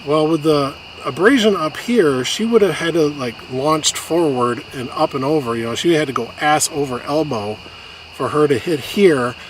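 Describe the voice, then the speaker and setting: Male vlogger, emotional halting storytelling outdoors, noisy outdoor recording. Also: on the high side. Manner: halting, many restarts, gets choked up. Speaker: vlogger telling a personal story. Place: outdoors on a hiking trail.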